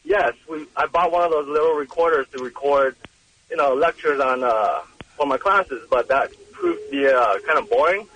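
A man's voice: on the high side, normal speed, a bit bright, slightly rough, rough recording. A man calling in to a radio show who talks hesitantly, with many fillers. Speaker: caller. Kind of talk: call-in phone chat.

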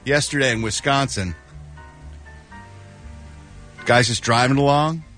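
A man's voice: mid-range voice, a little fast, a bit bright, faint music behind. A man reporting entertainment gossip on a radio show, with sarcastic and playful banter into a studio microphone.

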